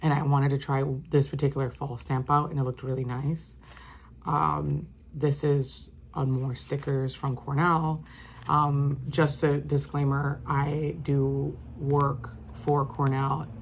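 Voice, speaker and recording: A woman with a very deep, gravelly voice talks casually through her journal pages. She rambles softly and starts over often. Her pitch stays flat and low. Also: slow pace, a little hiss or hum. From New York State. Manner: rambling, soft-spoken, with many fillers and restarts. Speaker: vlogger showing her journal. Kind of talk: casual walk-through chat.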